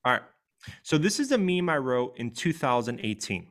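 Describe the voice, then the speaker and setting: Co-hosting a podcast, this American man talks casually and reads his own writing with earnest, slow, heartfelt delivery. His voice is medium in pitch, somewhat bright, and very animated.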